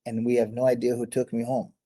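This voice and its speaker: Speaking quickly in a completely flat, mellow mid-range voice, a middle-aged man who used to fight MMA tells stories as an interview guest. The conversation is casual, and he rambles, corrects himself and laughs frequently.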